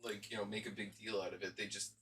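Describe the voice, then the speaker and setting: A man's voice: lowish voice, little pitch movement, quick pace, fairly bright tone, far from the mic. A man co-hosting a casual fan podcast, hedging and restarting as he thinks aloud. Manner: hesitant, hedges with restarts. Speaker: podcast co-host.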